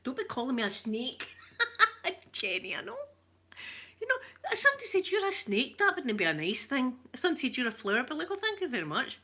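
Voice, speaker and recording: A woman's voice: high-pitched, sing-song, fast talker, sharp tone. A Scottish woman chatting casually with livestream viewers, joking and laughing often in a broad local speech. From Scotland. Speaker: ASMR livestream host. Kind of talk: casual chat.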